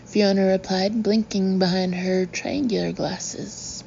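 A woman reading a storybook aloud in a measured way with wry asides. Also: mid-range voice, fairly even intonation, vocal fry, a little mellow, dull audio, a little hiss or hum. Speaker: audiobook reader. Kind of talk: storybook narration.

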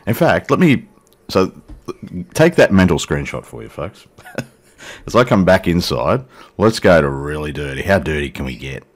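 Low-voiced joking man. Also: sing-song, normal speed, long pauses. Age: middle-aged. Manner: rambling, jokey and irreverent, talks to passengers and viewers. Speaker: flight sim video host. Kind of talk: casual commentary while playing a flight simulator.

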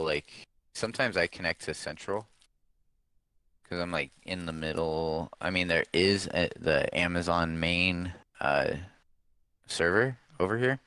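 A man's voice: sits low, unhurried, bright, forceful tone, clean tone, dry recording. A young man chatting casually with friends over a headset while streaming a game, laid-back and saying dude a lot. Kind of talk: casual gaming chat.

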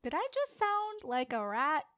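This let's play host, a girl in her late teens, jokes with her viewers while giving unhurried, very animated gameplay commentary. Her voice is bright and high, recorded with clean studio sound and no echo.

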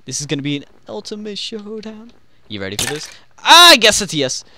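A man giving excitable gameplay commentary, yelping and trash-talking the other players. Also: sits high, brisk, slight background noise. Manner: excitable, yelps and trash-talks opponents. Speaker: gaming channel host.

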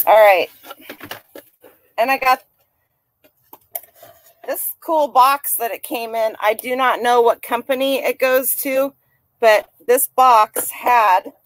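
A woman's voice: a little high, slow pace, long pauses, no room sound. A woman vlogging casually as a reseller, chatty and rambling as she shows her finds. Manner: chatty, rambling, talks to people and dog nearby. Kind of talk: casual chat.

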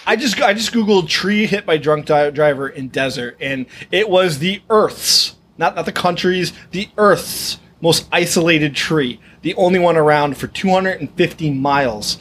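Casual guy on a podcast, kinda high voice, amazed at everything, light hiss behind. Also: expressive, moderate pace, hardly any pauses, fairly bright tone. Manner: incredulous, laughing asides. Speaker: podcast co-host. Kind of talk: casual movie chat.

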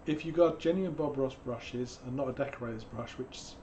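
A hoarse man, teaching painting on a live stream in a chatty, digressive way with jokey asides. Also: mid-range voice, normal speed, dark tone, slight background noise. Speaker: painting instructor.

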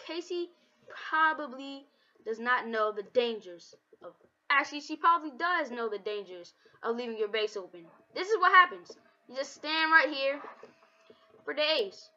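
Mom gaming with her kid, super bright playful voice, taunty, sounds a bit muffled lo-fi. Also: high voice, normal speed. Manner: taunting, excitable, sing-song trash talk. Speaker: gameplay commentator. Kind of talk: playful game commentary. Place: home. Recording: dull lo-fi home recording.

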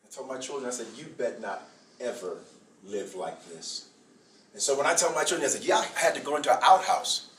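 A middle-aged man, a bishop, giving a speech to an audience in a preaching style. He stresses his points, repeats phrases and uses slow dramatic pauses. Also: mid-range voice, expressive, fairly bright tone, slight background noise. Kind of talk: preaching-style public address. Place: event hall before an audience. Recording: echoey hall from far off.

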